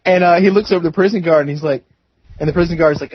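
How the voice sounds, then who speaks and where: A young man on a podcast, telling a story in a quick, chatty way. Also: a little high, a little hiss or hum. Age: young adult. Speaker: podcast co-host. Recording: dull lo-fi podcast audio.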